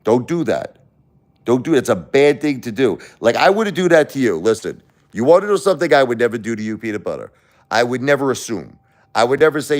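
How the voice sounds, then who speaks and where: A man's voice: medium pitch, big pitch swings, moderate pace. A man hosting a casual livestream, talking bluntly and repetitively to his chat, confronting viewers by name. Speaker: livestream host.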